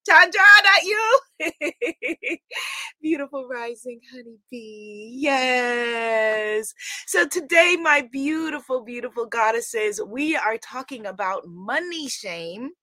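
A middle-aged woman from Guyana hosting a weekly live stream, loud and exuberant, greeting viewers by name. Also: fairly high pitch, slow, no room sound. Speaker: livestream host.

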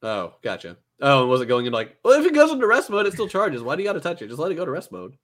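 A man co-hosting a podcast casually recaps an anime in a rambling retelling, packed with "like" and "uh" and frequent restarts. He talks very fast with a fairly high pitch that swings hugely.

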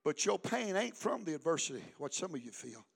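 An older male pastor, preaching a sermon with call-and-response, swinging from hushed talk to shouting. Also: on the high side, sing-song, fairly quick, gravelly, slightly rough.

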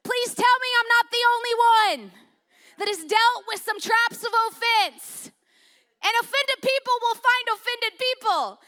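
A woman pastor giving a sermon in a conversational, humorous way. She swings from loud emphasis down to hushed, intimate lines. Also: very high-pitched.

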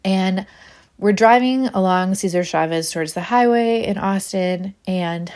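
A woman's voice: on the low side, darkish tone. A woman, hosting a podcast and telling a candid, self-deprecating personal story, laughing often. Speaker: podcast host.

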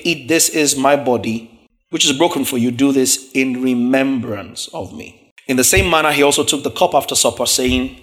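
A man's voice: medium pitch, a bit bright. A man preaching a sermon, reading scripture verses aloud and explaining word meanings, often checking in with the congregation through questions.

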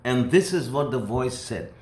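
A man's voice: medium pitch, expressive, normal speed, darkish tone. An older man, a preacher, telling his personal testimony in a rambling way with many fillers and restarts. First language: former Muslim who grew up speaking English at home. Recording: roomy echo.

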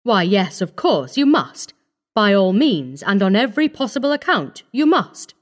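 A woman voicing a cold, scheming young male doctor in a storybook reading, speaking calmly and firmly. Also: mid-range voice, moderate pace, natural voice. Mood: pressing. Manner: calm, coaxing, firm.

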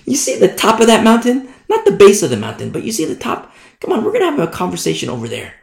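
Man doing the lord, breezy and offhand, fast, gravelly, echoey. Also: sits high, wildly swooping pitch, pitched above the performer's own voice, full character voice. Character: the Lord, breezy and casual, summoning an old man.

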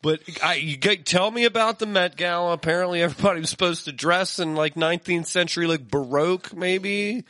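A man's voice: high voice, fairly quick, few pauses, pushed and bright, no echo. A man co-hosting a casual podcast, joking sarcastically and laughing often. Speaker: podcast co-host.

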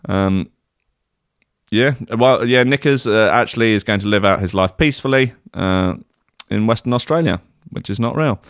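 A man's voice: on the low side, moderate pace, a bit bright, clear, resonant tone, no room sound, clean studio sound. A man casually reading strange news stories aloud, rambling with frequent fillers and sarcastic asides. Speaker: podcast host reading odd news stories.

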